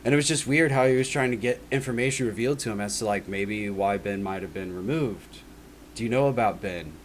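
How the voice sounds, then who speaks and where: A man's voice: fairly low pitch, steady tone, quick pace, slight background noise. A man giving a personal testimony in a casual spoken monologue, rambling and earnest, leaning on "like" and "right?" as he talks.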